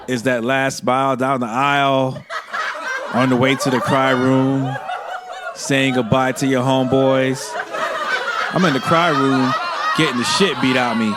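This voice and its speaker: A man's voice: medium pitch, noisy background. A male stand-up comedian telling brash, profane stories on a stage with a handheld mic. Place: comedy stage before an audience. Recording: live show with loud crowd laughter.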